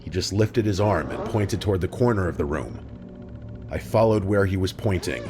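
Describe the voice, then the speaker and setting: A man reading a scripted true horror story in a steady, even storytelling manner. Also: low voice, normal speed, music in the background. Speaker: story narrator.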